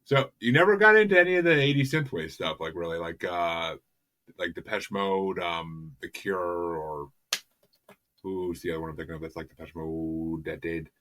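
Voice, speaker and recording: A man's voice: low voice, normal speed, bright, forceful tone. A man hosting a music podcast in casual chat, rambling and enthusiastic, often stumbling over repeated words. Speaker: podcast host.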